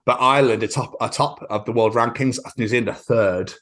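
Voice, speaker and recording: A man, co-hosting a podcast in casual chat, excitable and sweary, acting out quotes. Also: mid-range voice, fairly quick. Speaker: podcast co-host.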